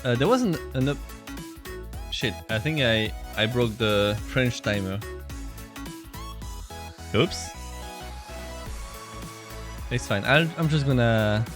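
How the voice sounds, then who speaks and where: A man's voice: mid-range voice, lively intonation, takes it slowly, pauses often, over music. A man streaming a video game, chatting casually with viewers, reading their comments and laughing often. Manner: chatty, laughs often, reads chat aloud.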